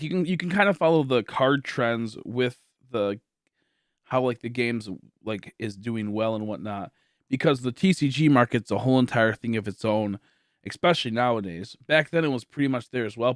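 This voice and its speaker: A man's voice: mid-range voice, moderate pace, dry recording, studio quality. A tired young man from Michigan chatting casually on a livestream, rambling with lots of fillers and restarts. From Michigan, USA. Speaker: livestream host.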